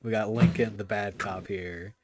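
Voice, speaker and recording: A man with a somewhat low voice hosts a casual movie podcast. He rambles along with plenty of filler words and loose, friendly phrasing. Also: steady tone, normal speed, darkish tone. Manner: rambling, filler-heavy, laughs often. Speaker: podcast host.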